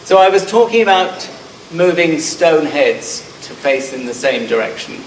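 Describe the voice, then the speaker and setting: A man's voice: on the high side, lively intonation, unhurried, slight background noise. A middle-aged man from Scotland with a southern English accent, giving a conference talk with frequent ums and a self-deprecating manner. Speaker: conference speaker. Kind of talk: conference presentation. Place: conference hall. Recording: roomy hall sound from a distance.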